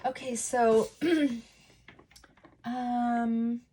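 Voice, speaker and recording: A woman vlogger chatting casually while getting ready, talking things through in a thoughtful, unhurried way with frequent pauses and fillers. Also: a little high, fairly even intonation, dark tone, slight background noise. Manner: unhurried, reflective, thinking aloud.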